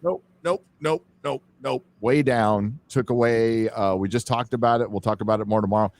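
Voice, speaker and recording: A man's voice: medium pitch, normal speed, darkish tone. An American man hosting a live-stream chat, talking in a blunt, rambling way with casual swearing. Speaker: host.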